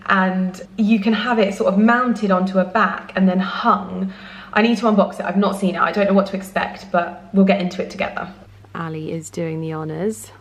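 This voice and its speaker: A woman, chatting casually at home in a gushing, rambling way as a lifestyle vlogger. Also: mid-range voice. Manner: gushing, rambling, searches for words. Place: home, indoors.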